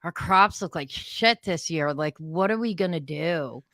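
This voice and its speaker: A woman from the Philadelphia area co-hosting a podcast, telling anecdotes in a casual, lively, profane way. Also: low voice, measured pace, no echo. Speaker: podcast co-host. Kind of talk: casual chat.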